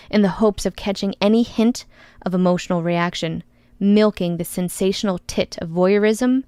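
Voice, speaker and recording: A woman's voice: lowish voice, darkish tone, smooth, dry recording. A woman narrating an audiobook in the first person, with a wry, sarcastic edge.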